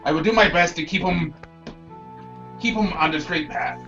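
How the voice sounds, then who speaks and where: A man's voice: high voice, moderate pace, gravelly, sharp tone, far from the mic, muffled recording, soft background music, heavily acted. A man playing a stiff formal monk. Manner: old-fashioned formal speech, mock-Irish lilt. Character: Thok, male monk, proud and stiffly formal.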